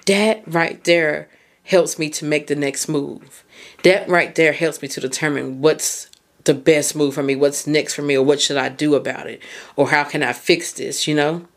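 A woman's voice: low voice, fairly even intonation, moderate pace. A woman hosting a podcast and coaching, talking in a candid, conversational way with casual swearing and frequent laughter. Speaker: podcast host and mindset coach.

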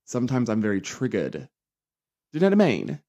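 A young man hosting a casual solo pop culture podcast, sassy and campy, dramatic, often jumping up into high mocking voices. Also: huge pitch swings, brisk, dark tone, lo-fi sound. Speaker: podcast host.

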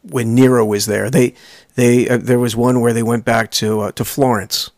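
A man's voice: mid-range voice, level tone, normal speed, a little mellow, dry recording, studio quality. A man in his fifties co-hosting a podcast in casual chat, rambling on with many restarts. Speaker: podcast co-host.

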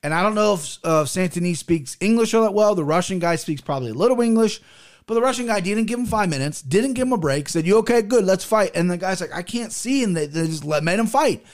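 A man talking on his own into a desk mic, in a loose, unscripted commentary style. His voice sits a little higher than most men's, and he is blunt and opinionated, cursing freely as he gives his verdicts. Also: expressive, fast talker. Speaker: podcast host reviewing fights. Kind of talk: casual solo commentary. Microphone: headphones and desk mic.

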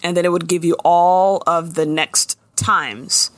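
A woman's voice: fairly low pitch, measured pace, no room sound. A woman co-hosting a podcast, recapping a show in casual, slangy, laughing conversation. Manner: animated, laughing, slangy storyteller. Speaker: podcast co-host.

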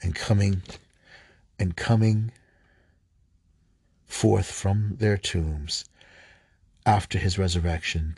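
A man reading scripture aloud, halting at times, stumbling and rereading lines. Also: deep voice, darkish tone, husky, dry recording. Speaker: scripture reader.

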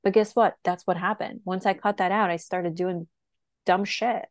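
A woman's voice: mid-range voice, fairly even intonation, normal speed, no room sound, studio quality. A woman co-hosting a podcast as a health coach, giving earnest advice in casual chat with frequent fillers.

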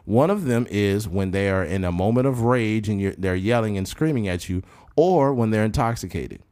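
A man co-hosting a casual podcast chat, lively and animated, acting out quotes in high mocking voices. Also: normal speed. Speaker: podcast co-host.

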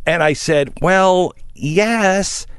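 A middle-aged radio talk show host, recording in a studio away from home, tells a story and animatedly acts out the people in it. His high voice moves extremely slowly and sounds clean, with no echo.

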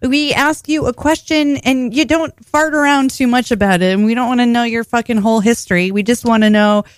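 A woman's voice: on the high side, fairly even intonation, a little fast, dry recording. Brash, foul-mouthed woman radio host; casual, laughing, dry close recording. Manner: brash, swears freely, laughs often. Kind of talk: casual radio interview chat.

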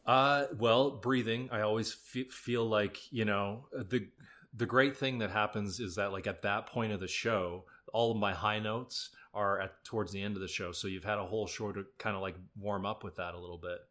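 A man, a guest performer, talking in a relaxed, rambling way with lots of filler words. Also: on the low side, normal speed. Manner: relaxed, rambling, heavy use of "like" and "you know". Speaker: guest actor and singer. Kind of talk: casual interview chat.

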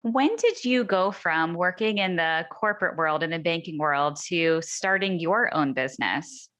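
A woman host asks her guest questions. She sounds friendly and eager, with a lowish but very bright, sharp tone. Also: a little slow. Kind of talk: interview questions.

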